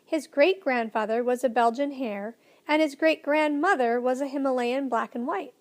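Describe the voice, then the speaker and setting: A woman's voice: sits high, moderate pace, close to an everyday voice. A woman voicing a kindly, proud old male professor, emphatic and cheerfully lecturing in a storybook reading.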